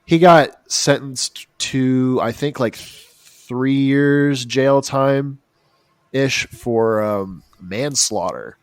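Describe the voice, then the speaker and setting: A man's voice: medium pitch, very slow, no room sound, studio quality. A man from the United States telling a true crime story in casual, joking podcast chat. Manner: joking, rambling, mocking asides. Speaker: podcast co-host.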